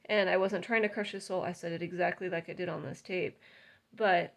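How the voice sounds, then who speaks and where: A woman's voice: lowish voice, steady tone, a little fast, vocal fry. A woman in her thirties, a dog breeder, talking casually to camera in an earnest, chatty way with many fillers. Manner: chatty, earnest, with fillers and sudden loud acted exclamations.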